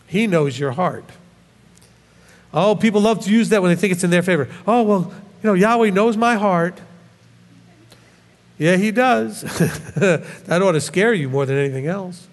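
Male rabbi-preacher, high voice, scolding, animated, reverberant hall. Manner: animated, scolding, rhetorical questions. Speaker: rabbi teacher. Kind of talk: sermon.

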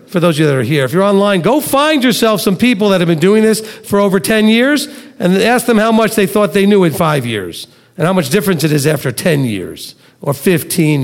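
A man teaching a sermon to a live and online congregation, emphatic, with rhetorical questions and sarcastic asides. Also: sits high. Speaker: Messianic Torah teacher. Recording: long reverb of a large hall.

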